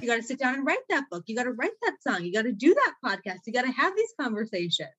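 Her voice is a little high and husky, bright and forceful, and she talks quickly and very animatedly. A woman writing a self-care book appears as a podcast guest, laughing a lot in an effusive, motivational, enthusiastic conversation.

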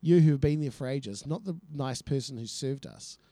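A man's voice: mid-range voice, moderate pace, dry recording. Man telling stories animatedly. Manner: animated storyteller, acts out quotes. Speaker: podcast co-host. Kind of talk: casual chat, storytelling.

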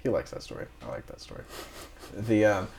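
Casting: low-pitched male marine engineer, casual storyteller who acts out dialogue. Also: sing-song, brisk, vocal fry, darkish tone, a little hiss or hum. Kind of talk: casual chat, telling sea stories.

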